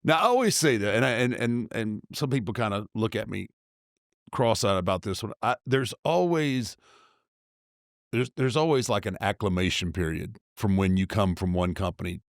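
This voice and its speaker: A man hosting a casual chat, relaxed and halting, often repeating words as he thinks aloud. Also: lowish voice, no room sound, clean studio sound. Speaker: host.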